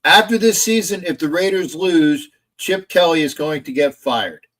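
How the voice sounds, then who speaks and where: A man's voice: a little high, moderate pace, fairly bright tone. A man hosting a casual live stream about football, rambling, reading chat messages aloud and arguing back at them from a home setup in front of a camera. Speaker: sports streamer.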